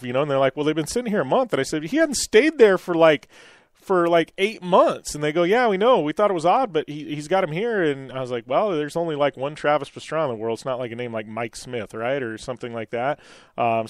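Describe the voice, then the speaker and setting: A man's voice: medium pitch, no echo, studio quality. A middle-aged man hosting a radio show, telling a story in a rambling way with many fillers and restarts. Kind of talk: casual radio chat and storytelling.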